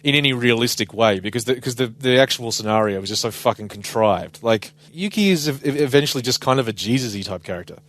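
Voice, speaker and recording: A man's voice: medium pitch, lively intonation, quick pace, hardly any pauses, fairly bright tone. A man with an Australian accent co-hosting a casual podcast, sarcastic and emphatic, swearing freely. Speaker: podcast co-host. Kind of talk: casual chat.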